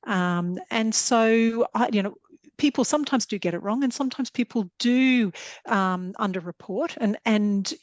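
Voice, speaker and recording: A woman's voice: a little high, measured pace, no room sound, lo-fi sound. A woman doctor on a video call, explaining things earnestly through examples in a panel discussion. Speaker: general practitioner.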